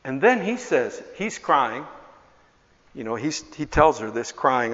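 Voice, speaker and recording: An older man preaching a sermon, telling a story with passion and building to near-shouts. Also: mid-range voice, sing-song, a little slow. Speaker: pastor. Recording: echoey hall, dull lo-fi sound.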